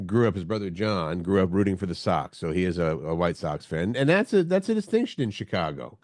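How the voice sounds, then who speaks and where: A man's voice: low-pitched, big pitch swings, a little fast, darkish tone, no echo, studio quality. A middle-aged man co-hosting a morning show, chatting casually and chuckling through the banter. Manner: easygoing, chuckling, banter-driven. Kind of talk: casual chat.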